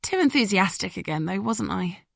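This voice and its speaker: Woman voicing an eager young woman, bubbly, gushing, high and lively, gravelly edge, dry audiobook. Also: normal speed, dry recording, heavily acted. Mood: sheepish.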